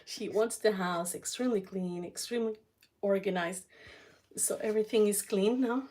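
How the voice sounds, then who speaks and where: A woman hosting a cooking channel, telling a family story in a casual, halting way while she cooks, with many fillers and restarts. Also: medium pitch, dark tone.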